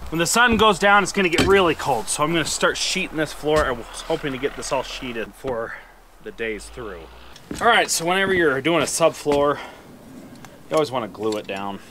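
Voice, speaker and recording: A man's voice: a little high, lively intonation, normal speed, sharp tone. A man in early adulthood narrating a building project, out of breath because he talks while he works. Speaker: DIY builder and video host. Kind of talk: casual build vlog narration. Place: outdoors at a shed build site. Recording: noisy outdoor recording.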